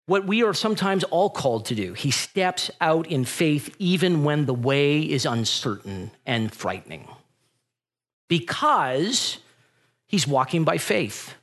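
A middle-aged man preaching a sermon, telling stories with animated energy and acting out the voices of the people in them. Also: fairly high pitch, a little slow. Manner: animated storytelling, acts out voices in retellings. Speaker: pastor.

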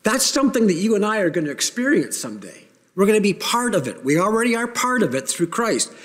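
A man preaching a sermon to his congregation, earnest and emphatic, with pauses for weight. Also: high-pitched, sing-song, a bit bright. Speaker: pastor. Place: church sanctuary. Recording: long reverb of a church hall.

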